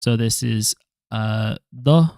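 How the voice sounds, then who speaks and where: Man studying aloud, halting and wry. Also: lowish voice, gravelly, a little mellow, no room sound, studio quality. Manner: halting, self-correcting, wry asides. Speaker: language learner vlogger. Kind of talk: thinking-aloud study session.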